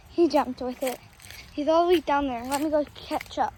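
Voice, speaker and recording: Very noisy audio captures a young girl with a high, sing-song voice, speaking a little slowly. She's outdoors in a yard with her dog, playfully coaxing and chatting to him as if filming a casual vlog.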